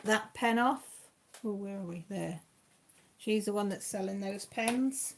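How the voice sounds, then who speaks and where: A woman's voice: mid-range voice, measured pace, slight background noise. Chatty woman hosting a live stream. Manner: chatty, rambling, talks to viewers by name. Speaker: crafting live stream host. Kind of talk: casual live chat.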